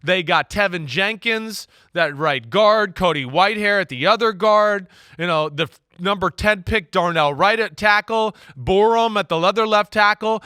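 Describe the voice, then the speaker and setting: A man co-hosting a casual football show, talking in an animated, emphatic way with frequent restarts. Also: sits high, clear, resonant tone, dry recording, studio quality. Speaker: co-host, football analyst. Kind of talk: casual sports chat.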